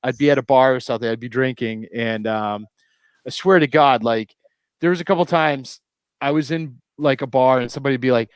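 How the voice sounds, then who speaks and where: A man's voice: mid-range voice, a little fast, clean tone, no echo. A man from New England hosting a live stream over a headset, telling rambling, profane stories in casual chat. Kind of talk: casual chat with swearing and anecdotes.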